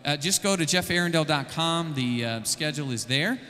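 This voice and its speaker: A man's voice: a little high, lively intonation, moderate pace, sharp tone, big-room sound, soft background music. A man speaking from a café stage between songs, thanking his band and audience in a casual, hesitant way full of fillers. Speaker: worship musician thanking the audience. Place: live café venue with a PA.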